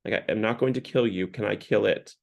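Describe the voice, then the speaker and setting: A man voicing a patient, insistent angel who speaks calmly and keeps repeating his question, in a sermon retelling. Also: lowish voice, brisk, gravelly. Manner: calm, repetitive, insistent.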